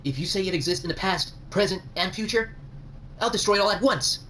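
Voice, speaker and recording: A man's voice: high-pitched, expressive, fairly quick, a bit bright, a little hiss or hum. A man voicing a determined young male hedgehog hero in a video game, speaking earnestly and defiantly.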